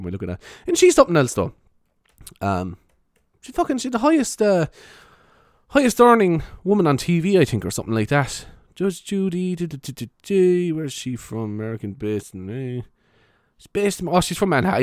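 A man's voice: mid-range voice, very animated, moderate pace, no room sound, studio quality. A young man with a Cork Irish accent, chatting casually to camera, rambling, swearing often and laughing at himself. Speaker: vlogger. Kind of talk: casual rambling vlog chat.

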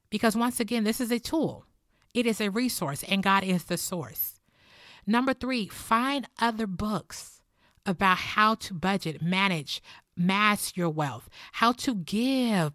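A woman's voice: medium pitch, a bit bright, no room sound, studio quality. A middle-aged woman teaching about faith and money in an earnest, heartfelt, personal way, moving between teaching and prayer. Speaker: Christian teacher.

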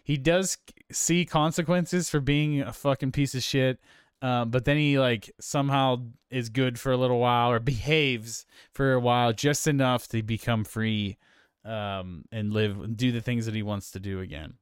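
A man's voice: mid-range voice, fairly even intonation, moderate pace, smooth, no room sound, clean studio sound. A man hosting a casual film discussion podcast, rambling with lots of fillers and restarts. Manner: rambling, many fillers and restarts, laughs easily. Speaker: podcast host.

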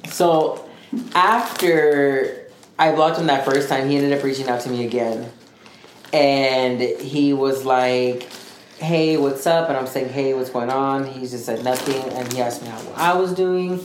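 Guy on a podcast telling a long story all animated, echoey room, bit of background hiss. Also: mid-range voice, measured pace. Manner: rambling, animated, quotes others' dialogue. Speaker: podcast co-host. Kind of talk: casual storytelling chat. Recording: echoey room with faint noise.

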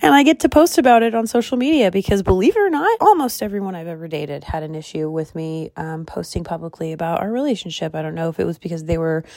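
A woman in her thirties hosting a podcast, chatting candidly and excitably, tired and hungry, swearing freely. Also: on the low side, fast, hardly any pauses, no room sound, clean studio sound. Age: 30s. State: tired and calorie deprived. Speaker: podcast host. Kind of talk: casual personal chat. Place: car or bed at home.

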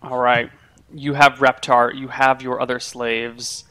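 A man narrating a tabletop game as game master, in relaxed descriptive narration. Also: medium pitch, unhurried.

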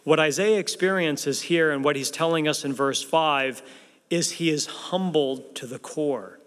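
A man's voice: a little high, measured pace, a bit bright. Man, pastor, emphatic sermon, rhetorical questions, big church reverb. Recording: long reverb of a large hall.

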